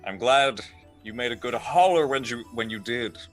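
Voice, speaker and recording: A man's voice: medium pitch, normal speed, fairly bright tone, faint music behind, natural voice. A man playing an earnest, proud guard mouse in a tabletop game, stumbling over his words now and then. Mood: proud, friendly. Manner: hesitant, with many restarts. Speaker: player.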